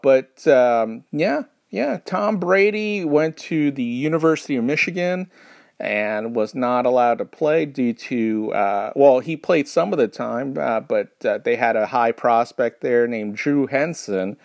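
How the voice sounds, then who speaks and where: Slow gravelly man, dry sardonic ramble. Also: mid-range voice, animated, darkish tone, dry recording. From New York. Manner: sardonic, halting with many fillers. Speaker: podcast host. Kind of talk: rambling comedic monologue.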